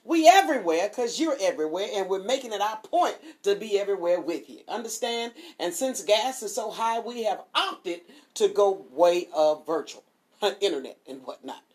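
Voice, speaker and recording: Animated woman hosting a devotional show. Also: medium pitch, normal speed. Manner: animated and chatty, swoops up on exclamations. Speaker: host of a streaming devotional show. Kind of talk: casual devotional talk with Bible reading.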